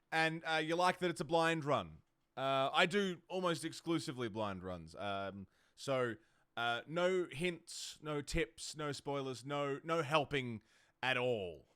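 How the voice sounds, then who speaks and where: A man streams a game live, chatting casually with viewers and making fun of himself as he comments on the gameplay. His mid-range voice is a bit bright and clean, recorded at studio quality with no echo.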